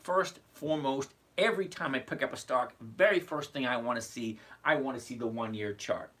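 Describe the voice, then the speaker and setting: A man's voice: medium pitch, moderate pace, fairly bright tone, slightly rough. A man in his sixties hosting a casual investing livestream, chatty and greeting viewers by name as he goes. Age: 60s.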